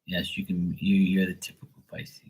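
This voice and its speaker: A man's voice: deep voice, monotone, moderate pace, husky, poor audio. A man chatting casually on a live stream, rambling and swearing with lots of fillers. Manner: rambling, profane, with many fillers. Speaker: live stream tarot reader. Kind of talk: casual livestream chat.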